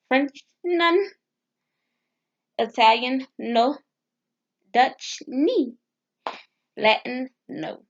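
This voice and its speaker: A woman with a slightly high voice talks slowly through foreign phrases, stopping and restarting as she sounds out words. Her asides are nervous and self-deprecating. The camera-mic audio is dull and lo-fi. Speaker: vlogger. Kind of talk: casual language practice vlog.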